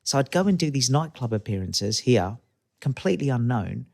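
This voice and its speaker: A man's voice: mid-range voice, very animated, moderate pace, vocal fry, a little mellow. A man, a guest telling rambling stories in a casual interview and acting out the voices of people he quotes. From Australia. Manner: chatty, rambling anecdotes, acts out quoted voices.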